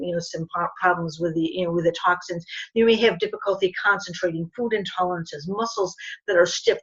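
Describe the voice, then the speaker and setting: A woman's voice: mid-range voice, a bit bright, husky. A middle-aged woman, a naturopathic doctor, giving an informal health talk to an audience and often checking in with "okay?" and "you know". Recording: dull lo-fi recording.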